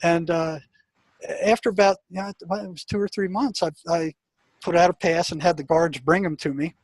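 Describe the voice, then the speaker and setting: Sharing a tale from his prison work, a man being interviewed talks casually and with animation, restarting his sentences and laughing at times. His voice is a little high, his pace moderate, and there's no room sound.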